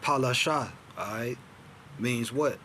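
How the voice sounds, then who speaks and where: A man's voice: medium pitch, slow pace, sharp tone, a little hiss or hum. A man teaching informally, reading documents aloud and stopping to ask rhetorical questions. He keeps checking in with "all right?", "man" and "see that?" in street-casual grammar. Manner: rhetorical questions answered himself. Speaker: self-styled teacher.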